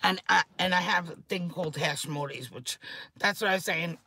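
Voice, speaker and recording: A woman, rambling excitedly and swearing freely in a casual chat to camera, her voice a little hoarse. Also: lowish voice, fairly quick, dry recording. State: hoarse throat. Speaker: vlogger.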